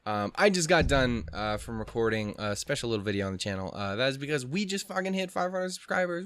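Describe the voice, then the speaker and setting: A man's voice: medium pitch, animated, a little fast, fairly bright tone, no room sound, clean studio sound. A young man hosting an anime reaction channel, rambling casually with lots of swearing and self-mocking laughs. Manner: rambling, heavy swearing, self-deprecating, giggly. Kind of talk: casual chat.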